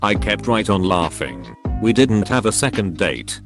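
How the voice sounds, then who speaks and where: A man reading online stories aloud in an even, deliberate scripted narration. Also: fairly low pitch. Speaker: story narrator. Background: background music.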